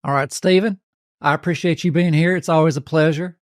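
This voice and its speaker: A man's voice: on the high side, fairly even intonation, brisk, no room sound, studio quality, natural voice. A man hosting a podcast, putting on an exaggerated folksy Southern twang. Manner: folksy, drawling, teasing. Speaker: podcast host.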